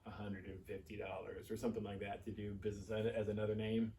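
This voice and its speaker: A comic shop owner being interviewed, rambling and trailing off softly as he explains. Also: on the low side, completely flat delivery, fast, a little hiss or hum. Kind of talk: on-camera interview. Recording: distant mic with faint ambience.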